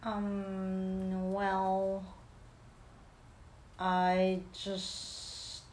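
A woman's voice: mid-range voice, completely flat delivery, very slow, a little mellow, echoey room, slight background noise. A woman playing in a tabletop role-playing game, answering hesitantly and searching for words. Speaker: player. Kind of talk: tabletop role-play, casual.

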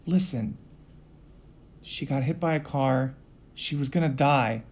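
A man voicing a steady, protective male guardian in a tabletop role-play game, speaking in a terse, defensive way. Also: mid-range voice, slow pace.

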